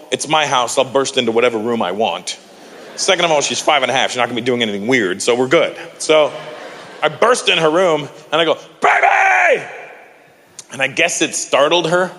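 A male stand-up comedian performs in a venue with a long, ringing reverb and a faint hum of room noise behind him. His delivery is highly animated, swinging widely in pitch as he tells stories. His voice sits a bit higher than most men's, and he jumps into shouted impressions of other people. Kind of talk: stand-up routine.

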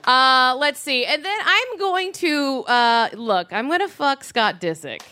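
High-voiced slow comic woman. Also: lively intonation, bright, forceful tone. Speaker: panelist. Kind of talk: comedic banter.

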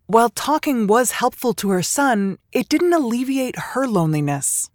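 Bright, lively woman narrating a documentary. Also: on the high side, normal speed, no room sound, clean studio sound.

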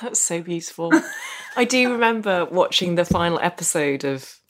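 A woman hosting a podcast interview, asking reflective questions in a warm, conversational way. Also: fairly low pitch, expressive, normal speed. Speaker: podcast host.

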